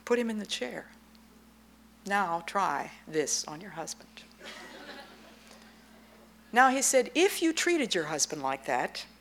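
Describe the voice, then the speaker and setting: A middle-aged woman giving an earnest Christian talk, acting out dialogue as she tells stories. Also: a little high. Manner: earnest, animated storytelling with acted-out dialogue. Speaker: Christian speaker. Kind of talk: sermon talk to a women's audience.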